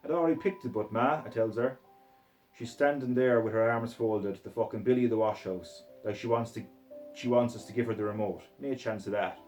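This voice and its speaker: A man's voice: lowish voice, steady tone, moderate pace, warm tone, faint music behind, low-quality recording. A man with a Scottish accent reading a gritty novel aloud in a coarse, swearing first-person voice. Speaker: reader.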